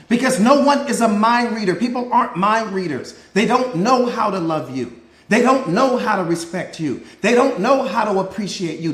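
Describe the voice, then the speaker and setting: High-voiced man preaching in an echoey room. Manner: preachy, repetitive, fires rhetorical questions; greets viewers by name mid-talk. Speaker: mindset coach. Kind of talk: live motivational talk.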